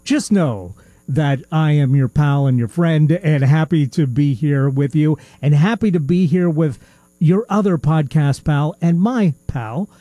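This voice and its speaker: A man's voice: a little high, unhurried, warm tone, no room sound, muffled recording. A man hosting a radio podcast, chatting casually with jokes and self-deprecating stumbles. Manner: joking, self-deprecating, stumbles over words. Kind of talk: casual chat.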